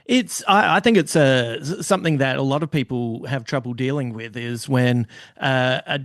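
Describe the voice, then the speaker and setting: A man hosting a podcast in casual chat, hesitant with many ums and quick to laugh. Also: mid-range voice, a bit bright, dry recording, clean studio sound. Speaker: podcast host.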